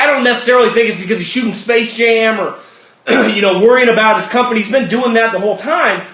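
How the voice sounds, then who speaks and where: A man with a strikingly high voice hosts a sports talk show, ranting in a blunt and profane way. His voice rings out in a roomy, echoey space. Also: a bit bright. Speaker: sports podcast host. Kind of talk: opinionated sports talk monologue.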